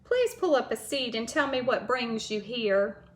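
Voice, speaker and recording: A woman's voice: fairly high pitch, unhurried. A woman voicing a friendly, chatty female skunk in a children's book read-aloud, talking as an eager, welcoming hostess. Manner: eager, warm hostess, excitable.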